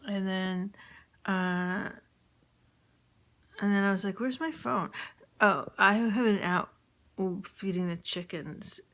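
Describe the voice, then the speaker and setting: A mother records a spoken diary for her partner, casually recounting her day with hesitation and plenty of fillers, often dropping into a whisper. Her medium-pitched voice is steady and fairly bright, and she speaks slowly with frequent pauses.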